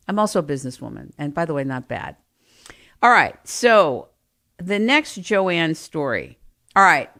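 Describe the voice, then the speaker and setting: A middle-aged woman telling family stories in an animated, self-mocking way, swinging from quiet asides to loud bursts. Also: lowish voice. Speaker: storyteller. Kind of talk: personal storytelling.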